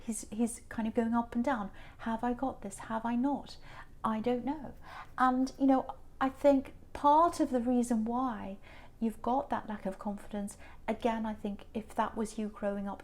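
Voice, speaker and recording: A woman's voice: fairly high pitch, steady tone, normal speed. A woman giving a tarot reading to camera, earnest and repeating herself for emphasis. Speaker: tarot reader.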